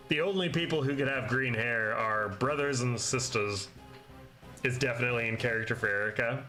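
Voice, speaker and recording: A man's voice: mid-range voice, moderate pace, pushed and bright, soft background music. Chatty man doing game commentary. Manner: joking and chatty, with small laughs. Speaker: gaming video host. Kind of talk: casual let's-play commentary.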